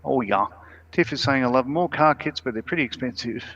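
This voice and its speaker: Gravelly man chatting on a stream. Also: mid-range voice, a little fast, a crowd in the background. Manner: chatty, laughs often, reads comments aloud. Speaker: stream co-host reading chat comments. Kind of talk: casual chat. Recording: dull lo-fi stream audio.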